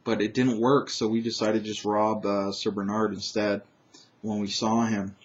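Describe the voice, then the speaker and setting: A man's voice: on the low side, little pitch movement, normal speed, natural voice. A man voicing a broken male thug in a tabletop game recap, confessing in a rush. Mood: cowed. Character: cowed male thug, professional street assassin. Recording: dull lo-fi recording.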